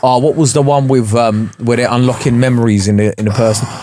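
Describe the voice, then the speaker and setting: A young man co-hosting a podcast, chatting in an animated, giggly way. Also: mid-range voice, quick pace, background noise. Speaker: podcast co-host. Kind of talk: casual chat.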